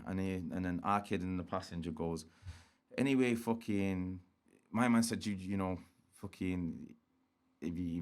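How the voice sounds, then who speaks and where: A man's voice: low-pitched, a little mellow. A man, a guest telling street stories in a slangy, swearing style and acting out quotes. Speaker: interview guest. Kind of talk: casual storytelling.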